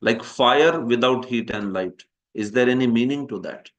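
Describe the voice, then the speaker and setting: A Hindi-speaking man with an Indian accent teaches a scripture class in a mid-range voice at normal speed, the recording's highs cut off. It's a classroom lecture with questions; he often asks his students "huh?" and laughs at his own jokes.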